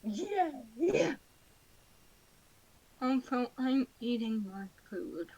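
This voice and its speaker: A woman's voice: on the high side, big pitch swings, extremely slow, warm tone, poor audio. A woman streamer chatting casually with a friend and her chat, playful and often mock-whining. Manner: playful, whiny mock-crying. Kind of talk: casual stream chat while gaming and drawing.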